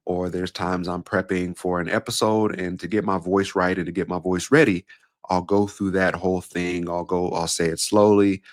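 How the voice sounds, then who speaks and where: A man in his thirties hosting a solo podcast as a speaking coach, talking casually and acting out quoted voices playfully. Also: low-pitched. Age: 30s. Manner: conversational, acts out quoted voices with playful swings.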